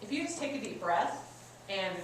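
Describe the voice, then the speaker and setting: A woman customer service coach speaks at normal speed in a medium-pitched voice with big pitch swings, presenting a workshop to an audience in a meeting room. She teaches conversationally through personal stories. The echoey, far-off recording carries faint ambience and a little hiss or hum.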